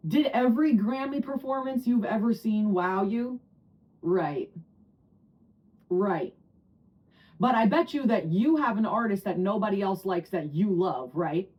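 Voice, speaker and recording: A woman of around forty from New Jersey giving a casual tarot reading to camera, chatty and excitable, often breaking into laughter and high squeals. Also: unhurried, lo-fi sound. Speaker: tarot reader.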